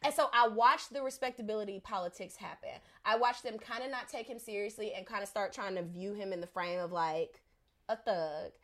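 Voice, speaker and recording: A woman's voice: mid-range voice, a little fast. A woman telling a story in casual podcast chat, acting out the people in it. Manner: animated, acts out voices in her story.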